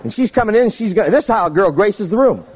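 High, lively-voiced male preacher. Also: fast, husky, in a large hall, dull audio. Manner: animated, jumps to high squeaky tones for effect. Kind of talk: humorous sermon storytelling.

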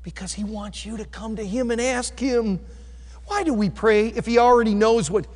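A man preaching a sermon, quoting scripture and moving from loud cries to quiet, intense asides. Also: moderate pace. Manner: animated preaching, rising to loud cries and dropping low. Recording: echoey hall with long reverb.

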